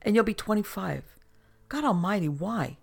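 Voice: medium pitch, lively intonation, moderate pace, gravelly, a little mellow, slightly rough, pitched above the performer's own voice. A reader voicing a blunt, outspoken young woman who challenges her friend. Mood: exasperated.

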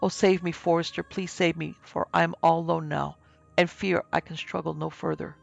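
A man reading aloud, voicing a frightened lone woman lost in a wolf-filled forest, who pleads in a high, breathless voice. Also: level tone, moderate pace, gravelly, muffled recording, faint music behind, heavily acted. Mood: desperate pleading.

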